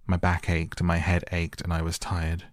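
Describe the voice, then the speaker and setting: A man's voice: low-pitched, monotone, normal speed, no echo, clean studio sound, close to an everyday voice. A man voicing a spoiled, sickly young boy who whines and sneers. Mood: petulant. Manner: whiny, sneering.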